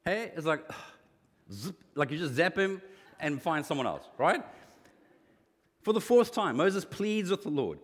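Animated male preacher in a reverberant hall. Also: a little high, a little slow, long pauses. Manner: animated, acts out quoted lines with rising voice. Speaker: pastor. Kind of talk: sermon.

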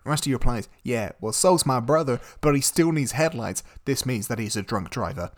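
A young man co-hosting a casual comedic podcast, recapping a film with sarcastic asides and freely swearing, his voice jumping up when incredulous. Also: normal speed. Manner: animated, mocking, swears freely, spikes high when incredulous. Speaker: podcast co-host.

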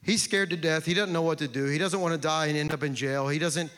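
A man's voice: on the high side, fairly even intonation, fast, fairly bright tone. A man preaching a sermon as pastor, impassioned, with repeated refrains. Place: large church sanctuary. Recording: long church hall reverb.

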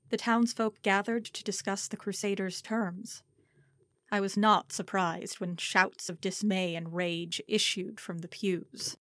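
A woman reads a historical story aloud in a measured, formal way. Her voice sits at an ordinary middle pitch and comes across dry and close, with no room sound around it. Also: steady tone, fairly bright tone, no echo. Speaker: audiobook narrator. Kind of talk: scripted narration of historical fiction.

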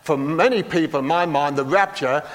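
Older preacher with a high voice in a reverberant hall. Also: male voice, normal speed. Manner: folksy, humorous, asks the congregation questions. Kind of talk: sermon.

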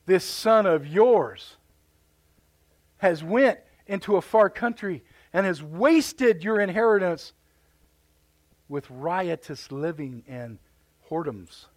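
A man's voice: high voice, lively intonation, slow pace, long pauses. A man preaching, voicing a resentful, indignant older brother who complains bitterly. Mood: accusing.

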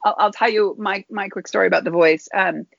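A woman guest recounts her experiences in an earnest, halting manner, often doubling back on her words. Her voice sits at an ordinary middle pitch. The recording is dull and lo-fi, with a dry, close sound. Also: steady tone, creaky, no echo. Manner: earnest, halting, restarts phrases. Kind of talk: personal storytelling in conversation.

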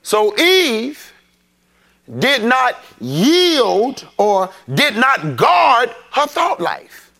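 High, bright-voiced preacher in full flow. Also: male voice, very animated, drawn-out words, gravelly. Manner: preachy, call-and-response, rising to shouts. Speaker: pastor. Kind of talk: sermon. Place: church sanctuary.

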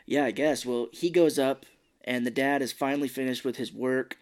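A man's voice: mid-range voice, steady tone, moderate pace. A man co-hosting a podcast, casually recapping a movie scene by scene and acting out the characters' lines with plenty of swearing. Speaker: podcast co-host.

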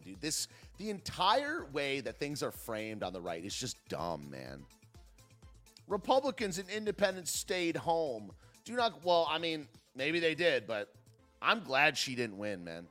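A man's voice: on the high side, fairly bright tone. A man hosting a live stream, ranting casually in a sarcastic, wry way and talking to his chat. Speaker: livestream host.

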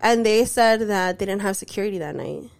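A woman's voice: mid-range voice, brisk, gravelly. A woman telling a story in casual chat, filling her speech with "like" and acting out what others said. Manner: chatty, fills speech with "like", acts out quoted voices.

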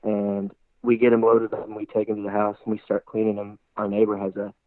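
A man excitedly telling a long hunting story, rambling and animated, with lots of fillers. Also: on the low side, fairly quick, no room sound. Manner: animated, rambling, heavy use of "like". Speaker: hunter guest. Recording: tinny phone-like line, dry.

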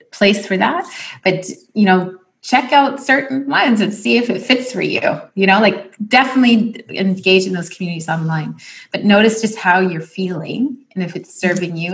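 A woman's voice: fairly low pitch, vocal fry. A woman hosting a casual conversation, encouraging and direct as she gives advice.

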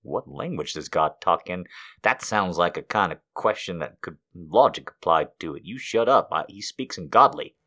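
A man's voice: low-pitched, animated, normal speed, pushed and bright. A man hosting a podcast, delivering a rambling, profane comedic monologue. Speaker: podcast host.

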